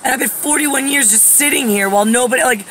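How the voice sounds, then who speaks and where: A woman in her forties, a vlogger, talks fast in a high-pitched, fairly bright voice straight to camera, with a little hiss or hum in the audio. Her personal monologue rambles off topic, packed with fillers. She gets heated enough to swear.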